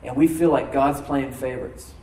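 A man preaching a sermon as pastor, stressing words by slowing down and rising in emphasis. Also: mid-range voice, fairly even intonation, warm tone, distant mic, a little hiss or hum. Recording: echoey room, from off mic.

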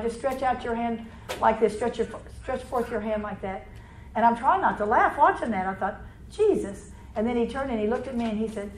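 Woman preacher, highish voice, rapid run-on sermon, echoey church room, faint ambience. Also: a little hiss or hum. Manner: fast, run-on talk with restarts and throat clearing. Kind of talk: charismatic sermon.

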